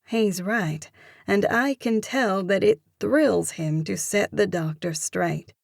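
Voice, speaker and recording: Unhurried woman narrating a romance. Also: mid-range voice, gravelly, no room sound, studio quality. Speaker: audiobook narrator. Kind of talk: first-person romance narration.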